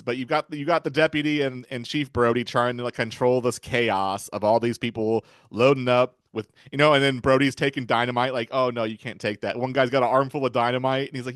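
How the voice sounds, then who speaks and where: A man's voice: medium pitch, fairly bright tone, no room sound, studio quality. A man in casual podcast chat about a film, retelling scenes and acting out the characters' lines. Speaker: podcast guest.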